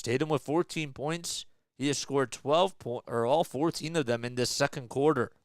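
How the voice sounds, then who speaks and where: Man, fan play-by-play streamer, smooth and slightly high voice, excited live calls. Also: no echo, clean studio sound. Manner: fast excited calls that rise sharply on big plays.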